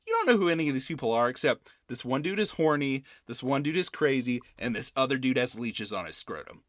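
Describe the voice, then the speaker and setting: A man in his thirties co-hosting a podcast, joking about a movie in an animated way with quick laughs. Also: mid-range voice, no echo, studio quality. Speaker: podcast co-host. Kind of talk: casual movie review chat.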